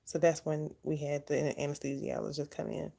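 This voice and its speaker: A woman's voice: low-pitched, steady tone, a little fast, gravelly, mellow. A young woman casually telling her own story to the camera, candid and chatty. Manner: candid, chatty, laughs often. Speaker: vlogger.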